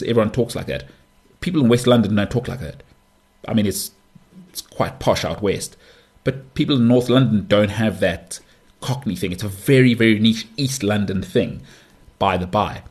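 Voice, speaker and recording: A man's voice: on the low side, darkish tone, husky. A South African man in his thirties hosting a podcast alone, joking and rambling with many asides and restarts. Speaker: podcast host. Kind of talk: casual solo podcast monologue.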